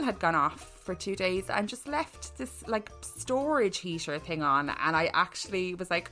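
A woman's voice: fairly low pitch, unhurried, few pauses, faint music behind. A woman co-hosting a casual podcast, telling anecdotes and acting out what people said. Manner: animated storyteller, acts out quotes. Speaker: podcast co-host.

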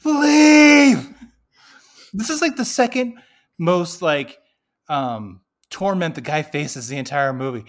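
A man's voice: fairly high pitch, very animated, measured pace. A man co-hosting a podcast, chiming in with joking, wry asides during a casual movie recap. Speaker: podcast co-host.

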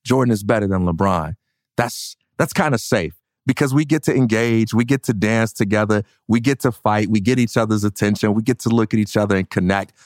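A man's voice: on the low side, a little fast, few pauses, dry recording, studio quality. A man co-hosting a casual podcast, talking in an earnest, reflective way and often calling his friend "man". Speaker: podcast co-host.

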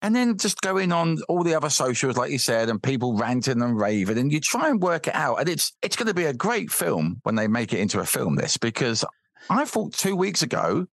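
A man talks in a rambling, animated way, with his pitch swinging widely. His voice is close and dry, with no room around it. He trips and repeats himself as he works through a point. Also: fairly quick, no echo. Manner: animated, rambling, repeats words when worked up. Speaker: podcast guest, football fan. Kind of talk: casual podcast chat.

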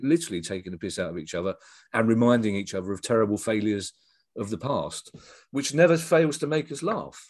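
A man's voice: medium pitch, a little mellow, husky, no echo. A middle-aged man, a comedian and writer telling rambling stories in a casual interview, full of restarts and asides. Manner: rambling, with frequent restarts and self-deprecating asides. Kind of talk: casual storytelling chat.

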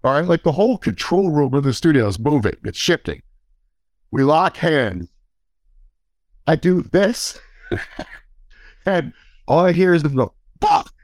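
A man's voice: a little high, a little slow, long pauses, dry recording. Profane man telling a story, dry sound. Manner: profane, animated anecdote with laughs and quoted dialogue. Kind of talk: casual storytelling.

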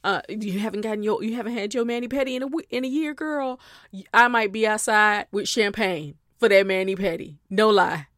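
A woman's voice: medium pitch, fairly bright tone, dry recording, clean studio sound. A middle-aged woman hosting a podcast, chatting in a playful, casual way straight to her listeners. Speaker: podcast host. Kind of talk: casual chat.

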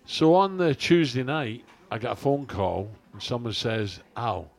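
A man's voice: mid-range voice, sing-song, a little slow, creaky. Chatty older man telling stories. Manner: chatty, jokey, rambling anecdotes with fillers. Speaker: podcast co-host. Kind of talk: casual chat and storytelling.

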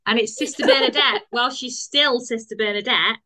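A woman co-hosting a podcast with friends, chatting casually and cracking quick jokes. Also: on the high side, pushed and bright. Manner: joking, quick-witted. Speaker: podcast co-host. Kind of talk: casual chat between friends.

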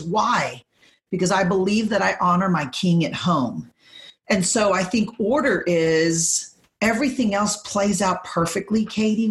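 Emphatic preacherly woman, lower voice. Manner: emphatic, repeats phrases for emphasis; preacherly, speaks in declarations. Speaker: podcast guest. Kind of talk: faith-based podcast conversation.

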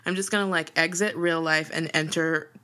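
A woman's voice: low-pitched, normal speed. A young adult woman co-hosting a podcast, chatting casually and telling stories with lots of laughter. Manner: animated, laughs often, gushing storytelling. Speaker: podcast co-host. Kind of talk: casual chat.

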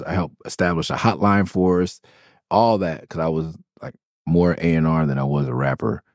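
A man's voice: a bass voice, vocal fry, darkish tone, dry recording, studio quality. A man from Los Angeles hosting a podcast, telling rambling, profane stories about his early music days and correcting himself often. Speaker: podcast host. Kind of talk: casual storytelling about his music past.

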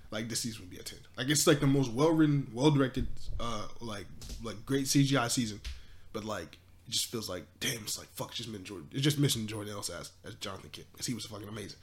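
A man co-hosting a podcast in casual chat, animated, swearing freely and saying "like" a lot. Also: lowish voice, fast. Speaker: podcast co-host.

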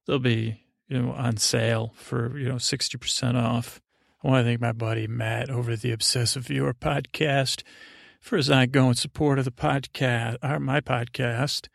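Male podcast host, halting casual chat, monotone with some fry, dry room. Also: medium pitch, no echo. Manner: halting and self-correcting, thanking listeners.

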